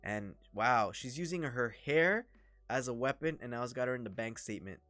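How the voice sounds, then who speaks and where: A man with a Toronto accent, giving chatty, excitable commentary during a wrestling watch-along livestream. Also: medium pitch, moderate pace, dry recording, faint music behind. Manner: chatty, excitable, reacts to the action. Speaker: livestream host.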